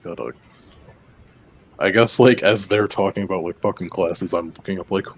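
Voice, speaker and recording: A man's voice: sits low, moderate pace, breathy edge. A man playing in a tabletop game, chatting casually and swearing constantly in exasperation. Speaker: player.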